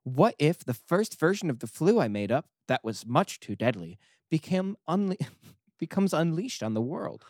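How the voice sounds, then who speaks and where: A man's voice: fairly high pitch, very animated, normal speed, darkish tone, no room sound, studio quality, voice pushed up. A man reading aloud as a self-pitying male God who keeps a diary, in a melodramatic, whiny manner. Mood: smug.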